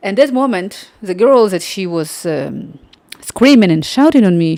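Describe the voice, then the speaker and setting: Woman, livestream host, casual anecdote, lively retelling, dry room. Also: medium pitch, normal speed, no room sound. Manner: animated, acts out quoted dialogue. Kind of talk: casual storytelling.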